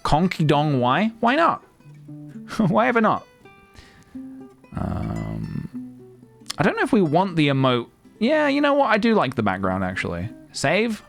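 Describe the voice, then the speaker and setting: A man's voice: fairly high pitch, wildly swooping pitch, measured pace, gravelly, fairly bright tone, soft background music. A man in his thirties chatting casually on a live stream, playful and rambling as he talks himself through his work. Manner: playful, rambling, talking to himself while working.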